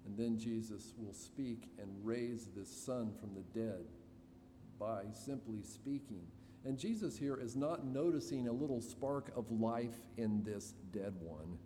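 A man preaching an expository sermon to his congregation, slow and deliberate with dramatic pauses. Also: fairly low pitch, dark tone. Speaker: pastor. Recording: reverberant hall, faint room noise.

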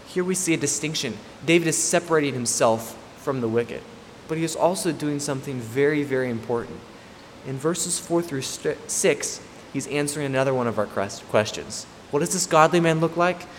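Male preacher, emphatic and repetitive, long hall reverb with faint room hiss. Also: mid-range voice. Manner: emphatic, repeats key points. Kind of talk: expository sermon.

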